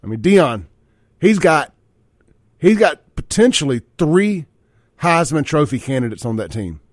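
Folksy radio host, riled up. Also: male voice, big pitch swings, measured pace, dry recording, clean studio sound. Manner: folksy, worked-up rants, pitch climbing when riled. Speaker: radio talk show host. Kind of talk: opinionated sports talk. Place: radio studio. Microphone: studio microphone.

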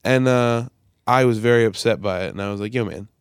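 Young American man, podcast host, fast and crisp, dry close sound, lively storyteller. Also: mid-range voice, no echo. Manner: animated storytelling, swearing, acting out quotes. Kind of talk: casual podcast chat.

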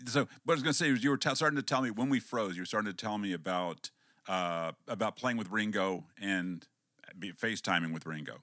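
A man's voice: lowish voice, brisk, bright, forceful tone, no room sound, studio quality. A man interviewing a guest, prompting him with easygoing questions. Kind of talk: casual interview.

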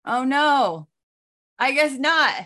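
A woman's voice: high-pitched, expressive, takes it slowly, bright, forceful tone. A woman hosting an online training call, upbeat and chatty, speaking through a computer mic. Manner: upbeat, chatty, flustered by tech trouble.

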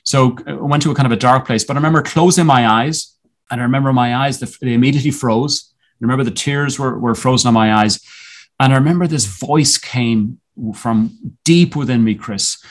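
A man appearing as a guest on a podcast recounts a personal story, sounding reflective and earnest. His voice sits in the mid-range, and he frequently stops and restarts his sentences.

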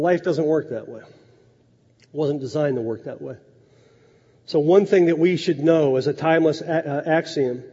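A man preaching a sermon in a conversational way, dropping low and soft to drive points home. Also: slightly rough. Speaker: pastor. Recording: echoey hall, dull lo-fi sound.

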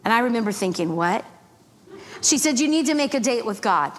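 Animated woman preaching in an echoing church. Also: on the high side, a little fast. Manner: animated, mimics voices, laughs often. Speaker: guest minister. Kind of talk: storytelling sermon. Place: church sanctuary. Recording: reverberant church hall, faint background noise.

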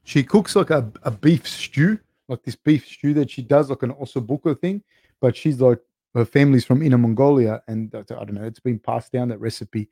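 A young man chats loosely into a close podcast mic, piling up "like" and "dude" as he rambles through stories. His voice sits at an ordinary pitch, and the sound is dry with no room echo. He talks like a relaxed host among friends, swearing now and then. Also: normal speed, breathy edge. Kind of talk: casual chat, rambling storytelling.

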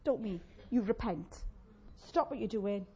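A woman preaching a sermon, animated and conversational, with playful asides to the congregation. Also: mid-range voice, a little slow, slight background noise.

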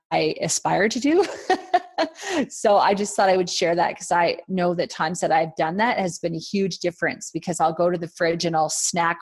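Low-voiced woman podcast co-host. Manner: gives practical tips, addresses listeners. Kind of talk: casual chat.

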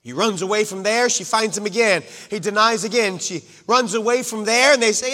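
High bright-voiced male preacher, reverberant hall. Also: a little fast, few pauses. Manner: dramatic swings from loud to hushed, acting out quotes. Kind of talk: sermon.

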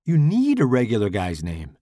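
A man's voice: medium pitch, wildly swooping pitch, normal speed, mellow, no echo, clean studio sound. A man voicing a harried male horror writer in pain, speaking tensely and protesting in a slightly raised voice.

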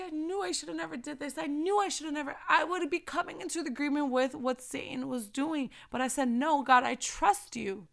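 Woman, young adult, somewhat high voice, gravelly fry, passionate, preachy, repeats lines for emphasis. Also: brisk, hardly any pauses. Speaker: faith vlogger. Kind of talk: faith-based motivational talk.

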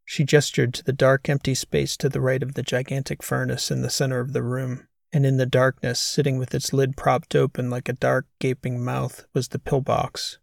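Gravelly, even-toned male narrator. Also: medium pitch, no echo, clean studio sound. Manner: measured, even storytelling. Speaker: audiobook narrator. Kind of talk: scripted narration.

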